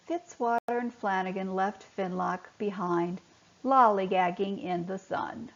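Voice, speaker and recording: A woman softly and expressively reading a bedtime story to children. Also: mid-range voice, a little slow. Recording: dull lo-fi recording.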